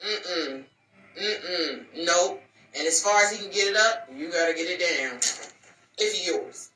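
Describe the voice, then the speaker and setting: Here the host's fairly low voice comes out pushed and bright at a slightly slow pace, picked up by a distant mic in an echoey room. She gives women relationship advice casually, with sass, emphasis and punchy repetition.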